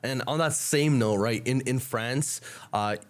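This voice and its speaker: A man's voice: mid-range voice, measured pace. Talkative male podcast host. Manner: talkative, repeats words, moderates the talk. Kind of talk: casual panel discussion.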